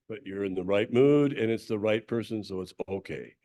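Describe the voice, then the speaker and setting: Man coaching a group, clearing his throat. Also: lowish voice, normal speed, dark tone, lo-fi sound. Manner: coaching, directive instructions. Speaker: speaker leading a Sunday talk. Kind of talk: leading a group laughter exercise.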